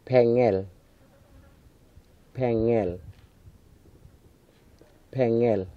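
A man from the Wadeye area of northern Australia, slowly repeating single words three times each for a field recording. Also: medium pitch, steady tone, dry recording. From Wadeye area, Northern Territory, Australia. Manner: says each word three times, slow and deliberate. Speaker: language speaker repeating words. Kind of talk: slow careful word repetition for recording. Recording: tinny lo-fi 1990 field tape.

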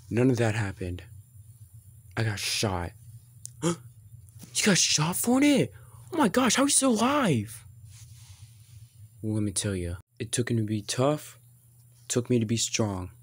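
A young performer voicing a sulky, injured toy boy who grumbles in a low voice during a toy play-acting video. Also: very animated, takes it slowly, pauses often, husky, exaggerated voice. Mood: grumbling.

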